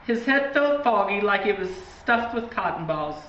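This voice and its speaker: A woman reading a spooky children's storybook aloud in a deliberate, dramatic way. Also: mid-range voice, very animated, a bit bright. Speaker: reader. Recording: distant, echoey, dull, faint hiss.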